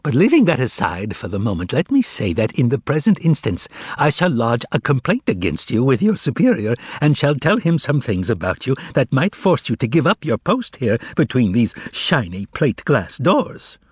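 A man's voice: medium pitch, huge pitch swings, normal speed, few pauses, slightly rough, dry recording, studio quality. A man voicing a flamboyant, mock-polite male trickster with a crackling voice in an audiobook reading. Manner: theatrical, mock-polite, grandly menacing.

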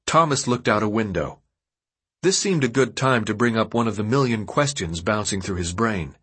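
A man narrating an audiobook in an expressive storytelling manner. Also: lowish voice, moderate pace, husky. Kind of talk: scripted narration.

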